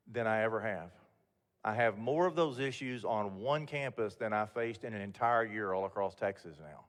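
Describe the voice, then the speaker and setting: An older man gives a motivational talk to a room of mentors. He talks in a candid, homespun way and often restarts his sentences. His voice carries a long reverb from the event hall. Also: fairly low pitch. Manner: folksy, candid storytelling with frequent restarts. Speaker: guest speaker.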